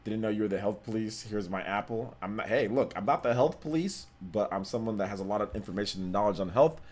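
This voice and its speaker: Chatty man streaming live, lowish voice. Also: fast, a little mellow. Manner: chatty, repeats himself, slangy. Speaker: gaming livestream host. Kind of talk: casual live-stream chat, reading donations and chat.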